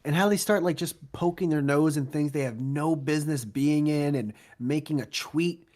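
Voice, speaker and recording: A man's voice: a little high, normal speed, a little mellow. A man co-hosting a podcast, complaining in casual chat with dry, profane humor. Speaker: podcast co-host.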